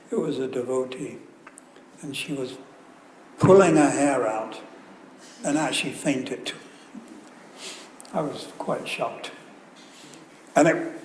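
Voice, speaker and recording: In an echoey temple hall with faint ambience and slight background noise, a man with a mid-range, somewhat mellow voice speaks as a visiting guru. His sermon is conversational, built on stories and jokey asides.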